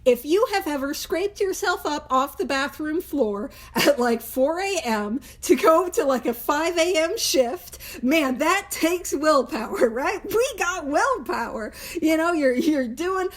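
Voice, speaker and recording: High-voiced woman leading a lively study talk. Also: a little slow, hardly any pauses. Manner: laughs often, emphatic and conversational. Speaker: Big Book study leader. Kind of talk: casual teaching talk.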